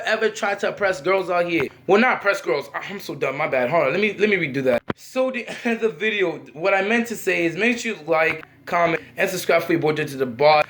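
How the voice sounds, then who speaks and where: A young man telling a casual storytime story in a slangy, animated way. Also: on the high side, slight background noise. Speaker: vlog host.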